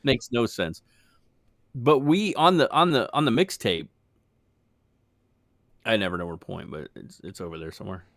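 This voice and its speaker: Low-voiced man rambling casually. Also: moderate pace, long pauses, fairly bright tone, no room sound, clean studio sound. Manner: rambling, swears casually, laughs often. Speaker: podcast co-host. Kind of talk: casual chat.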